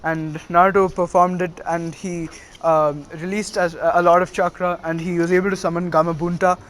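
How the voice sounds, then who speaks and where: A man's voice: high-pitched, flat delivery, moderate pace, slight background noise. A man casually retelling a fan story, rambling with many uhs and restarts.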